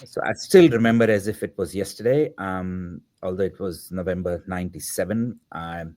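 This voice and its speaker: Lower-voiced man telling a long anecdote. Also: moderate pace, darkish tone. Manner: acts out quoted dialogue in the telling; reflective, with filler words. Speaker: podcast guest, filmmaker. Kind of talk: anecdotal storytelling.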